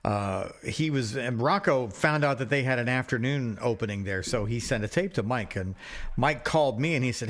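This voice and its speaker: A man's voice: medium pitch, expressive, a little fast. Middle-aged man, podcast co-host, rambling storyteller, casual swearing. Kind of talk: casual chat.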